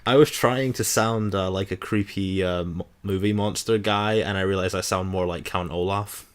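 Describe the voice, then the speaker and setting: A man's voice: sits low, normal speed, clean tone. A man co-hosting a casual movie podcast, talking chattily with a lot of ums. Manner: chatty, lively, with filler ums. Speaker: podcast co-host.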